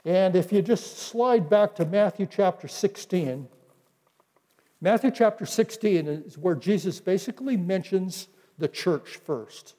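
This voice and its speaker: High-voiced pastor preaching in a hall. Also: male voice. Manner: teaching, with scripture quoted in a slower, softer voice. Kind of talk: sermon.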